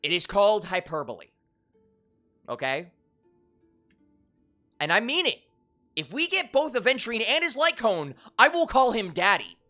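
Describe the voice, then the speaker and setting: A streamer chatting casually on a live stream, excitable and crude, joking around and getting loud and high-pitched when riled up. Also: normal speed, long pauses. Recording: stream audio with game music behind.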